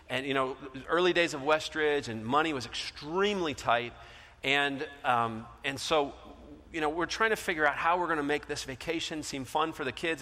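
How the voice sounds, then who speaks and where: A middle-aged male pastor preaching a sermon, telling a story and acting out the voices in it, swinging between loud and soft. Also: fairly high pitch. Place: large church hall. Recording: long hall reverb.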